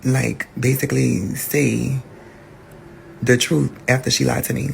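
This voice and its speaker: A podcast host telling a personal story in a candid, profane, animated way. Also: male voice, mid-range voice, a little slow, vocal fry, a little hiss or hum.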